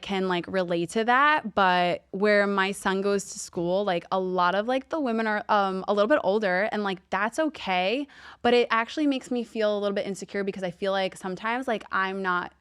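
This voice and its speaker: A woman in her thirties with a light Long Island accent talks through a casual podcast chat, peppering her speech with "like." Her voice is smooth and clear, and the sound is dry and close. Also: mid-range voice, a bit bright, no room sound. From Long Island, New York. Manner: chatty, many "like" fillers, quick laughs. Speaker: podcast guest, TV lifestyle host.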